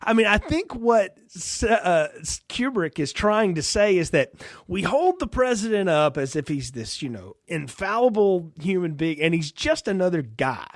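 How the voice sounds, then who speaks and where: Fields: Sex: man. Role: podcast co-host. Style: casual film review chat. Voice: high. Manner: animated, laughing, acts out lines. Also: normal speed, dry recording, clean studio sound.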